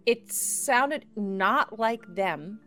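Slow-paced woman narrating as game master. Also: fairly high pitch, lively intonation, fairly bright tone, soft background music. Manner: descriptive, searching for words with restarts.

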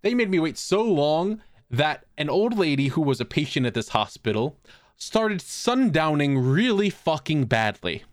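Man, podcast co-host, comic storyteller. Lively, raised pitch, dry close mic. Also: a little slow, no room sound. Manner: animated, profane, laughing while telling the story. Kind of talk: comedic storytelling chat.

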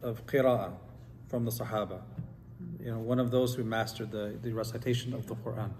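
A man's voice: fairly low pitch, fairly even intonation, fairly quick, a little mellow, slight background noise. A man teaching an Islamic study class, reading quotes aloud and putting questions to his students. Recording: long hall reverb, faint ambience.

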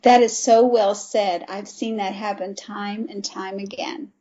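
A woman's voice: medium pitch, fairly even intonation, measured pace, dark tone. A woman hosting an interview, responding with affirming remarks and reading a quote aloud. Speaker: interview host. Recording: dull lo-fi audio.

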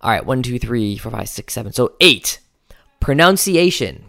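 A man's voice: mid-range voice, animated, moderate pace, vocal fry, pushed and bright. A man hosting a coaching podcast, giving an instructional talk that shifts pace and stresses key words, sometimes counting items aloud to himself.

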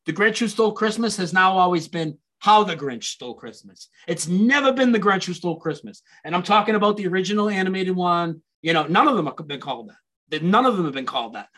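A man's voice: high voice, fast talker, low-quality recording. A man as a guest in a casual conversation, eagerly telling stories and quoting movie lines. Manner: animated storytelling, quotes movie lines.

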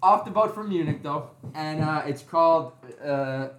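A man's voice: on the high side, a little slow. A man co-hosting a casual podcast chat among friends, often trailing off and restarting his sentences. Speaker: podcast co-host. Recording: roomy, echoey room.

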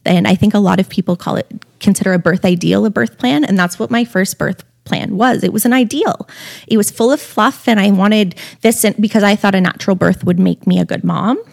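A woman talking in a relaxed podcast conversation, telling stories with animation and frequent laughter. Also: mid-range voice, fairly quick, creaky. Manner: animated storyteller, laughs often. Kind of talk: casual podcast chat.

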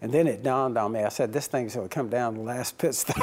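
A man's voice: mid-range voice, a little fast, hardly any pauses. A man who owns a racing team, answering interview questions by telling stories and acting out his own and others' quoted lines. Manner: animated, acts out quoted dialogue with laughs.

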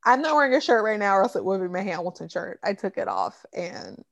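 A woman's voice: medium pitch, huge pitch swings, creaky, dry recording. Woman, young adult, podcast host, casual chat, talkative, swears, dry close sound. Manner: chatty, cuts in, swears, quick asides. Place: home.

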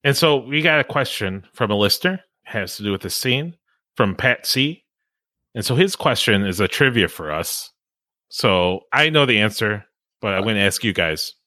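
Low bright-toned chatty man. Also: animated, moderate pace, no echo. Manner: chatty, laughs often, trails off mid-sentence. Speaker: podcast host. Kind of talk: casual chat.

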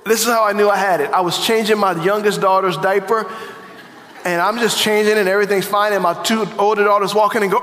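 A man's voice: high voice, steady tone, fast, sharp tone. A man preaching a sermon as pastor, conversational and asking the congregation questions. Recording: echoey reverberant hall.

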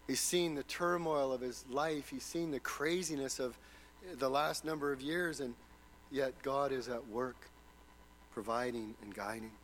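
A man's voice: medium pitch, fairly even intonation, measured pace, a bit bright, slight background noise, low-quality recording. A man preaching a sermon, retelling a story dramatically and posing rhetorical questions.

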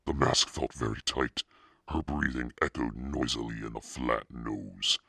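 A demonic Satan narrator reads a spooky storybook in a bottomless, gravelly rumble. He drags out every word slowly and menacingly, his breathy rasp sitting close in a completely dry studio. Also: steady tone, bright, forceful tone, no room sound, exaggerated voice. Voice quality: extremely deep, gravelly and husky. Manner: slow, menacing storytelling drawl. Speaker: podcast narrator. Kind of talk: scripted narration.

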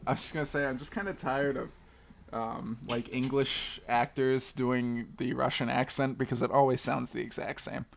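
A man with a gravelly, creaky voice gives critical, wry opinions in casual podcast chat. His pitch sits in a middle range. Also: flat delivery, normal speed. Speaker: film podcast co-host.

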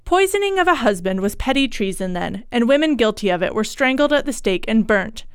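Clear, close woman storyteller. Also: a little high, big pitch swings, a little fast, no room sound. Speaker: audiobook narrator. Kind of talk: scripted storytelling narration.

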